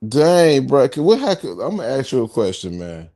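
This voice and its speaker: A man's voice: mid-range voice, very animated, normal speed, mellow. A man hosting a casual TV reaction chat, groaning and drawing out his words in mock mourning. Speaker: reaction show host.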